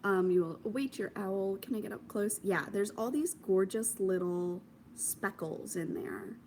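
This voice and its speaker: A young woman talks her way through her knitting projects in a loose, self-amused chat, slipping into quiet asides now and then. Her pitch sits in a middle range for a woman. A faint background hum runs under her voice. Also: measured pace. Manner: chatty, self-amused, trails into soft asides. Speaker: knitting podcast host. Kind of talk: casual show-and-tell chat to camera.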